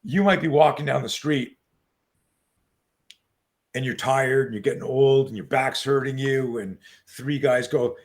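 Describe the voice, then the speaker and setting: A man in his sixties, a self-defense coach telling stories as an interview guest, animated and profane, on a video call. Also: mid-range voice, unhurried, pauses often. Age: 60s. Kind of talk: casual interview storytelling.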